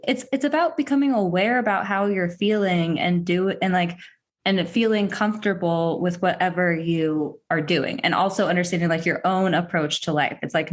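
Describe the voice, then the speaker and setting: A woman's voice: fairly low pitch, normal speed. A woman hosting a podcast interview, chatting casually with frequent laughs, fillers and restarts. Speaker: podcast host.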